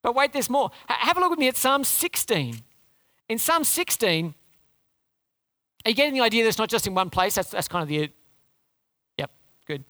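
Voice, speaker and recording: A woman's voice: fairly high pitch, big pitch swings, normal speed, pauses often, fairly bright tone. A woman preaching a sermon in an earnest, conversational way, asking rhetorical questions and repeating phrases for emphasis.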